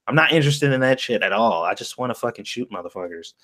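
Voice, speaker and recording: A man's voice: medium pitch, lively intonation, brisk, a bit bright. A man co-hosting a casual livestream chat, speaking crudely and laughing along at his own jokes. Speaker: co-host streamer.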